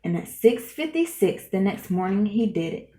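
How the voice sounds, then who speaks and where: A woman reading a rhyming children's book aloud in a lively, sing-song way. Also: medium pitch, normal speed. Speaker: storyteller. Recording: roomy echo.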